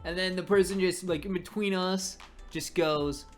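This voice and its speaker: An excitable webtoon reviewer chats casually about the latest chapter, laughing often and stumbling over repeated words. The voice sits at a middle pitch. Faint background music plays under the talk. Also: normal speed. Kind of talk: casual commentary over a comic.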